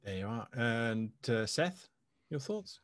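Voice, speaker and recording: A man hosting a casual panel discussion, his voice rising and falling with lively swings in pitch as he tosses in jokey asides. He sounds close and dry, with no room around him. His pitch sits in a middle range for a man. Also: slow pace, no echo. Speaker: panel host.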